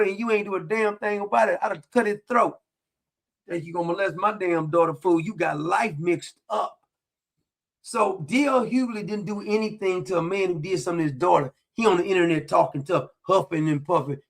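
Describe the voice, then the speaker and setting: A man with a high, gravelly voice rants through a commentary monologue. His delivery is combative and mocking, and he hammers the same points again and again. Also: a bit bright. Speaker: political commentary host. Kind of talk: ranting monologue.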